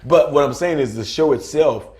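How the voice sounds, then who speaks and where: A man's voice: on the high side, moderate pace, a little mellow. A man in his thirties co-hosting a podcast, chatting casually over drinks, rambling, restarting sentences and hunting for words. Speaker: podcast co-host.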